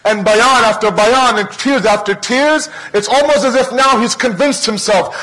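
A man's voice: very high voice, normal speed, hardly any pauses, bright, forceful tone, poor audio. A male preacher telling a religious story as a sermon, impassioned and dramatic, with much repetition.

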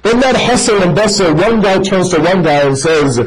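A man preaching a sermon to a gathered audience, animated and speaking directly to his listeners as brother, telling stories to make his points. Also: high voice, normal speed, poor audio.

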